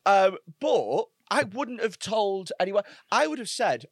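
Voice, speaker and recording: British guy, wry deadpan jokes, higher voice, close dry mic. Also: a little slow, hardly any pauses, dry recording. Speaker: podcast co-host. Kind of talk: casual comedic chat.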